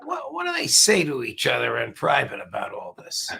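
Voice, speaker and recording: A hoarse man hosting an interview, asking blunt, pointed questions. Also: medium pitch, wildly swooping pitch, moderate pace, pushed and bright, a little hiss or hum. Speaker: host.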